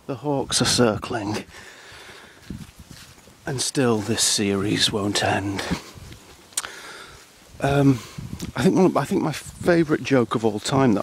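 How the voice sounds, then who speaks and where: A man with a low, gravelly voice rambles very slowly outdoors on a countryside path. He keeps stopping and restarting on ums. His tone is dry and self-deprecating throughout. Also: slight background noise, poor audio. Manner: hesitant, halting, full of ums and restarts. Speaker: comedy vlogger. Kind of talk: rambling deadpan monologue.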